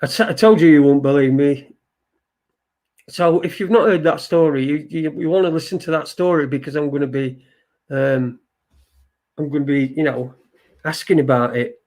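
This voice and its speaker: A man's voice: a little high, normal speed, long pauses, darkish tone. A man hosting a live stream in casual chat, reading viewer comments aloud, rambling and swearing and repeating himself. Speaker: livestream show host.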